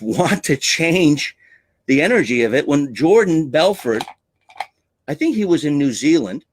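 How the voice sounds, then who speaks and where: A man gives a teaching talk on selling, coaching in a theatrical, emphatic manner. His voice sits in the mid-range, with no room sound.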